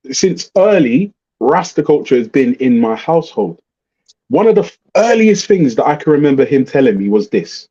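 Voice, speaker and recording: Middle-aged man, blunt animated rant. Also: on the high side, moderate pace, breathy edge. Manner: blunt, swearing, animated storytelling. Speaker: livestream host. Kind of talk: casual ranting chat. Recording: muffled lo-fi livestream audio.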